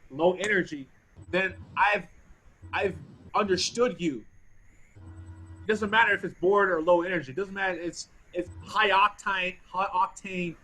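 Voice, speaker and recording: High-voiced man teaching a bass class. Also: sharp tone, slight background noise, low-quality recording. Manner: thoughtful, restarts phrases while searching for words. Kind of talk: teaching a group music class.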